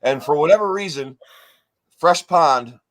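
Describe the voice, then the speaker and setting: A man's voice: a little high, measured pace. A man co-hosting a podcast, telling a long rambling story in casual chat, swearing often and acting out what others said. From New York State. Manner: rambling, profane, animated retelling. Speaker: podcast co-host.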